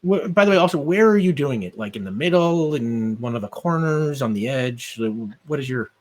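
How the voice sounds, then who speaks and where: A man's voice: medium pitch, expressive, moderate pace, noisy background. A man narrating as game master of a tabletop game, rambling and loose, with many fillers.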